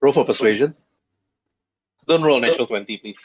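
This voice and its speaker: A man narrating as game master of a tabletop game, with quick put-on voices for side characters. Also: mid-range voice, slightly rough. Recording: dull lo-fi voice chat audio.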